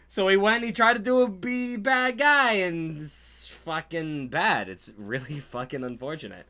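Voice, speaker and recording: A man's voice: a little high, animated, unhurried, pushed and bright. A man giving casual, profane and sarcastic commentary on a wrestling show, sounding exasperated.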